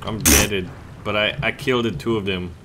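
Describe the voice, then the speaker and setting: A man's voice: fairly low pitch, fairly even intonation, normal speed, heavy background noise. A man hosting a gaming channel, commentating his own match with joking, teasing banter. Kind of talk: casual gameplay commentary.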